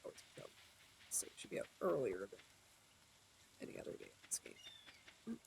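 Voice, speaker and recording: Gravelly-voiced streamer muttering through gameplay. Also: mid-range voice, wildly swooping pitch, brisk, a little mellow, a little hiss or hum. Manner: muttering to self while playing, talking to chat. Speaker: game streamer. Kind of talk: live gameplay commentary.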